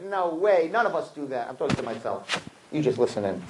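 A man giving a sermon to a live audience, preachy and animated, acting out little scenes as he talks. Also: mid-range voice, fast talker, slight background noise, low-quality recording. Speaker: religious speaker.

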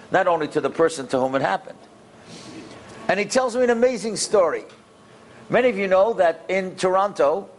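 A man telling a moving story to an audience, animated and emphatic, sprinkled with Yiddish words. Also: high-pitched, a little hiss or hum.

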